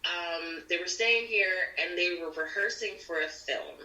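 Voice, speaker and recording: Casting: woman actor, bright voice pitched a bit low, guest on a podcast, recorded from a distance in an echoey room. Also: measured pace. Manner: animated, acts out quoted people. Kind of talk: casual storytelling chat. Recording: roomy audio from a distant mic.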